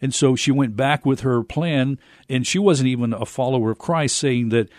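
A man of middle pitch hosts an interview, laying out long, measured setups before each question. His voice is recorded close and dry. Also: darkish tone, no echo. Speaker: radio show host.

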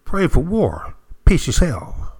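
An older man, a former Marine, telling stories in a folksy way with dramatic pauses, speaking directly to his listeners. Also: a little high, huge pitch swings, gravelly, darkish tone, breathy edge. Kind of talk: spoken storytelling to listeners.

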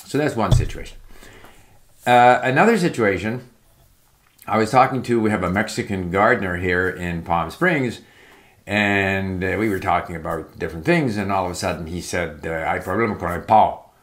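Man, lowish voice, unscripted advice monologue, chatty and meandering with lots of fillers. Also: moderate pace, fairly bright tone. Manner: rambling, conversational, with frequent fillers and restarts. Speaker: language learning talker. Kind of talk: casual spoken advice monologue. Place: home in Palm Springs.

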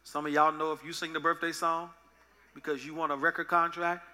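Male pastor, high voice, AAVE, playful sermon delivery with sung bits. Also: flat delivery, brisk, sharp tone, slight background noise. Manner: playful, joking with the congregation, singing in bits.

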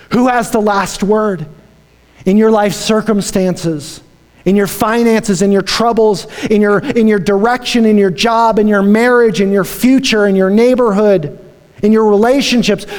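A man preaches a sermon in a large church hall, his voice long-tailed by reverb. He speaks slowly, with a high pitch. He swings between hushed and shouted lines. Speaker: pastor.

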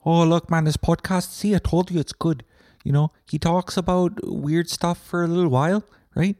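A man putting on the voice of an excited male podcast fan who gushes and exclaims about the show. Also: a little high, normal speed, dry recording, studio quality, voice pushed up, natural voice. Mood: gushing. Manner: gushing, exclaiming.

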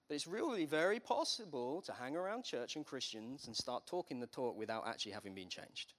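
A man's voice: on the high side, animated, a little fast, a bit bright. A man preaching a sermon as pastor, in a conversational way with humorous asides.

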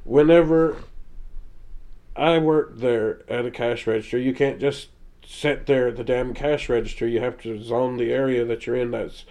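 A man's voice: mid-range voice, steady tone, moderate pace, a little mellow. Blunt, crude sounding man. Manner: blunt, crude storytelling about retail work. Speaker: podcast co-host. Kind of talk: casual chat.

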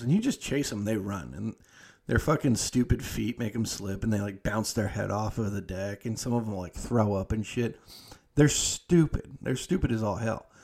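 A young adult man hosting a podcast, telling a story in a loose, profane, animated way. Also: on the low side, creaky. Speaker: podcast host. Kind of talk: casual storytelling monologue.

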